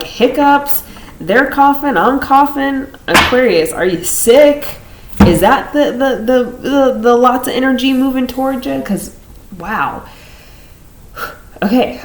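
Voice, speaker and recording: Rambling woman tarot reader, roomy echo. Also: mid-range voice. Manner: rambling, repeats phrases, laughs between thoughts. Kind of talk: casual tarot reading to camera.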